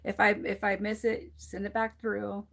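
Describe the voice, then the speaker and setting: A woman's voice: mid-range voice, flat delivery, normal speed, creaky, a bit bright. A woman giving a live tarot reading to viewers, candid and emotional, swearing freely and restarting her sentences, close to tears. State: teary, close to crying. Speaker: tarot reader on a livestream.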